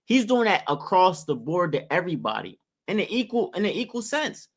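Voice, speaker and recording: Emphatic preachy man, slightly high voice. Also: sing-song, fairly quick. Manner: emphatic, preachy, rhetorical questions to viewers. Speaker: vlogger giving opinions. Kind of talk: opinionated commentary to camera.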